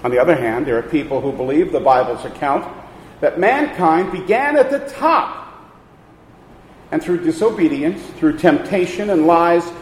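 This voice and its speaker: A man's voice: fairly high pitch, animated, normal speed, slight background noise. A man preaching a sermon as a pastor, telling folksy stories with emphatic delivery. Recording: echoey hall with long reverb.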